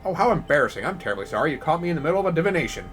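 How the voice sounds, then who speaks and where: A man's voice: a little high, big pitch swings, very fast, a bit bright, faint music behind. Man doing a flustered, fussy woman mayor. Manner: flustered, chattering, polite. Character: nervous, fussy middle-aged female village mayor.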